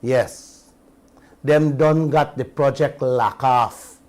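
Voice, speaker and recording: A man's voice: mid-range voice, steady tone, drawn-out words, darkish tone. A Guyanese man hosting a radio talk show, giving an impassioned commentary full of rhetorical questions to his listeners and slipping between standard English and creole.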